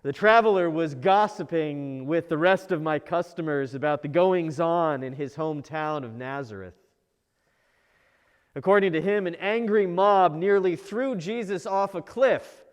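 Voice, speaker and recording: A man's voice: on the high side, animated, normal speed, big-room sound, natural voice. A man playing an old fisherman recalling his past. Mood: reflective. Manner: reflective storytelling. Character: aging fisherman apostle looking back. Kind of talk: first-person narrative sermon.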